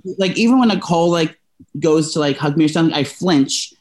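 A man's voice: fairly high pitch, fairly quick, darkish tone. Rambling, emotional young man telling a story. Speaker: podcast co-host telling a story. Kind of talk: casual chat.

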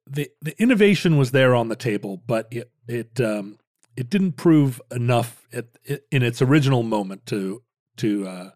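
A man's voice: mid-range voice, darkish tone, dry recording. Guy rambling through a history chat, lots of restarts, dead dry sound. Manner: rambling, many restarts and fillers, playful jokes. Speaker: podcast co-host. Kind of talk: casual conversational history chat.

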